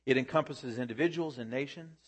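A man's voice: medium pitch, a little fast, slightly rough. Preaching man teaching a word study. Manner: teaching, asks the congregation rhetorical questions. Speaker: pastor. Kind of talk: sermon.

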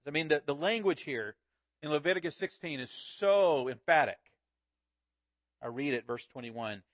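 A man delivering an expository sermon in a somewhat high voice. He reads scripture aloud and swells to emphatic peaks as he teaches. The sound is dry and close, with no room echo. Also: a bit bright. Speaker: pastor.

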